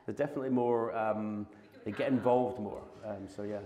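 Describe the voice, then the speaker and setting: A Scottish former snooker champion in his fifties tells rambling stories full of restarts and laughter on a live podcast stage, in front of an audience in a large arena. His lowish voice is warm and steady at a normal pace, and the venue is echoey with long reverb.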